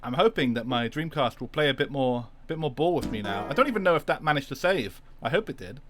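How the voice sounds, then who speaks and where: A man's voice: mid-range voice, expressive, fast, music in the background. A man streaming a retro racing game, chatting casually and laughing at his own setup troubles. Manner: chatty, self-deprecating, laughs often. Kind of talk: casual gameplay livestream chat.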